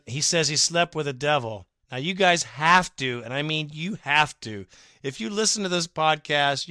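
A male podcast host with a bright, forceful voice chats casually, reading listener comments aloud and swinging between animated bursts and low asides. His voice is crisp and fairly high, recorded close and dry. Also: no echo.

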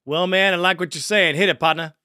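A man's voice: high-pitched, fairly even intonation, quick pace, loud music behind the voice. A man hosting a fan call-in sports show, hyped and profane, calling callers partner. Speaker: podcast host.

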